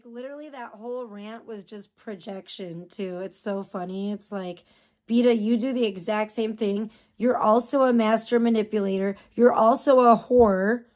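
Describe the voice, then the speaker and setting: A woman's voice: a little high, a little mellow. A woman streamer giving casual, profane, mocking commentary on clips during a livestream.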